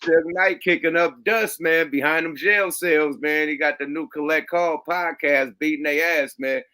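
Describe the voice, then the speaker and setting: A man's voice: a little high, steady tone, moderate pace, sharp tone. A man hosting a podcast in casual chat, profane and slangy, with easy laughing banter. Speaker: podcast host.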